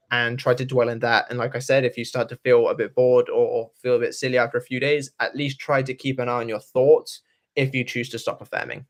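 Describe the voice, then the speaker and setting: A man hosting a live Q and A stream as a coach, explaining in a relaxed, casual way with fillers. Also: medium pitch.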